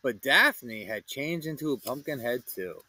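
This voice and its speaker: A man narrating a children's storybook in an expressive, animated read-aloud style. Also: medium pitch, a little slow, noisy background. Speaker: storybook reader.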